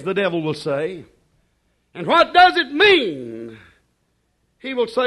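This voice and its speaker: A man preaching a sermon in an emphatic, repetitive cadence, dropping to hushed asides and rising to shouted declarations. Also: high-pitched, wildly swooping pitch, takes it slowly, pauses often.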